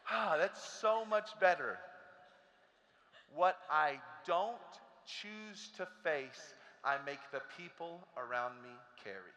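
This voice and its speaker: Animated man speaking to teachers. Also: high voice, long reverb tail. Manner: animated, questions the crowd, acts out stories. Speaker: motivational speaker. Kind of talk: motivational talk to teachers.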